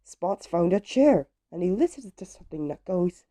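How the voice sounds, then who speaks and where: A woman's voice: lowish voice, animated, normal speed, mellow. A woman reading children's picture books aloud, gasping at each page and talking to young listeners. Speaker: storybook reader.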